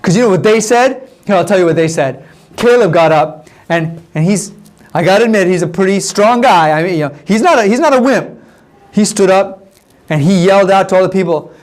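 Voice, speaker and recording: A young man telling a Bible story to small children in the first person, animated and full of restarts as a nervous spy. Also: high-pitched, brisk. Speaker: storyteller for kindergarten class.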